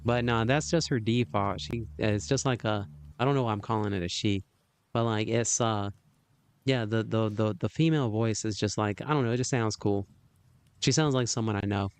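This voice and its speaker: A man's voice: fairly low pitch, moderate pace, clean tone. A man hosting a livestream, chatting casually, rambling with lots of fillers and laughs. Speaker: livestream host.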